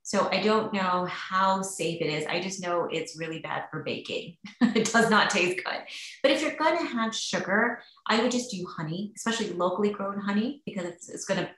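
A woman's voice: medium pitch, moderate pace, fairly bright tone. A woman physician answering webinar questions in a casual, chatty way with many fillers. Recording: roomy echo.

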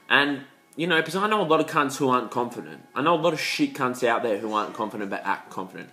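A young man talks straight to camera in a loose, rambling vlog, swearing constantly and throwing in lots of slang. His voice has a bright, forceful edge that cuts through. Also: on the high side, racing. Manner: profane, rambling, slangy, animated. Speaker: vlogger.

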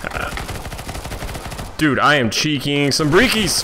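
A man giving excitable let's play commentary while gaming at home, swearing often and joking at his own play. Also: medium pitch, unhurried, creaky, noisy background. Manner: excitable, swearing, self-mocking. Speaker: gamer.

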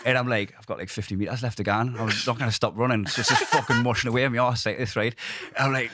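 A man's voice: medium pitch, quick pace, few pauses, sharp tone. A man with a Geordie accent, a comedian guest on a podcast, telling stories casually, swearing and laughing through them and checking in with "right?". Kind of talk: casual storytelling chat. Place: podcast studio.

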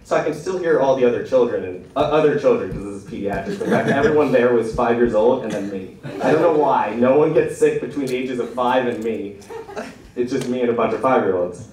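A man's voice: mid-range voice, fairly quick, a little mellow. Young man doing rambling stand-up. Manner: self-deprecating, rambling, laughs at own jokes. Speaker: stand-up comedian. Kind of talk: stand-up storytelling. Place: small room at an open mic. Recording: echoey room from a distant mic.

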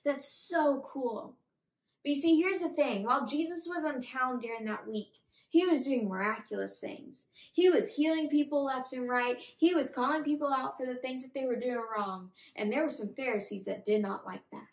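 A woman's voice: sits high, moderate pace. A young woman, a children's pastor, telling a Bible story with bubbly enthusiasm in an online kids' service. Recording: echoey room.

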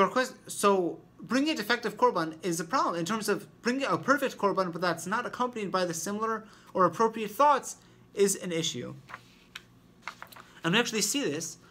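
A man's voice: high voice, bright, forceful tone. A man teaching an informal Torah lesson who explains step by step and thinks aloud as he talks.

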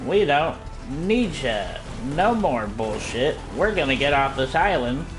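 A man's voice: mid-range voice, very animated, unhurried, over music. Angry swearing man playing a game. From Iowa, United States. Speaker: gamer streaming gameplay. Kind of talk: frustrated gameplay commentary.

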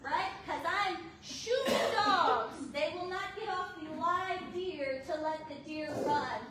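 A woman associate pastor telling a lively, laughing story in a sermon. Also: very high-pitched, slow pace. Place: church fellowship hall. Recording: echoey hall, mic at a distance, audible noise.

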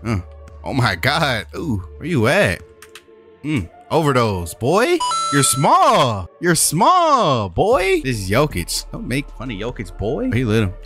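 A young man trash-talking his opponent while commentating a basketball video game, with playful taunts and high yelps. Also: huge pitch swings, measured pace, a bit bright, faint music behind. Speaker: YouTube gaming creator.

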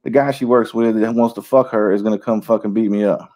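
Guy cussing nonstop in a podcast rant, mellow darker tone, voice jumps all over. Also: fairly low pitch, quick pace. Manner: crude, animated, swearing constantly. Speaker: co-host. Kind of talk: casual profane banter.

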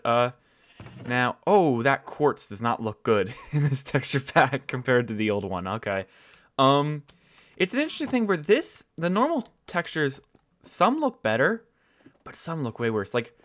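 A man's voice: mid-range voice, a bit bright. A man giving casual, rambling commentary while playing a building game, swearing often and losing his train of thought. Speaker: gaming channel host.

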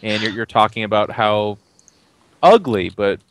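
A man's voice: on the low side, lively intonation, unhurried, slight background noise. A man narrating a tabletop role-playing game as game master, chatty and playful.

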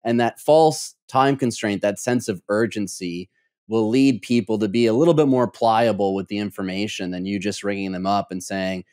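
A male podcast host asks thoughtful questions in a calm, measured way. His voice sits fairly low, and the sound is close and dry. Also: dry recording. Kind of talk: interview questions and commentary.

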